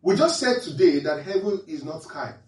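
A pastor with a fairly high, darkish voice and lively intonation teaches from the Bible at a moderate pace, repeatedly quizzing his listeners in an interactive sermon. The room echoes and the mic sits at a distance.

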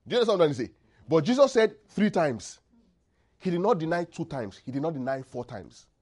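A man preaching a sermon, often quizzing the congregation and pausing for them to fill in the words of a verse. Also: fairly high pitch, sing-song, a little mellow. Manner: call-and-response, asks congregation to finish verses; checks in often with the listeners.

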